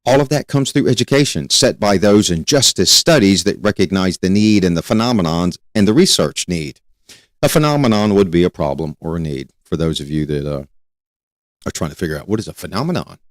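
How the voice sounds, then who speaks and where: Guy lecturing on criminal justice, lowish voice that swings all over, hammers points, dry sound. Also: lively intonation, a little fast, dry recording. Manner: emphatic and repetitive, with rhetorical questions. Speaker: criminal justice educator and show host. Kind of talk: spoken lecture to students.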